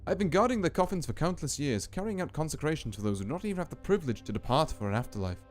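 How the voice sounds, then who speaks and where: A man voicing a calm, solemn female graveyard keeper with a faint put-on Scottish lilt, speaking slowly and ominously over faint music. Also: a little high, pitched above the performer's own voice, close to an everyday voice. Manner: slow, deliberate, ominous storytelling.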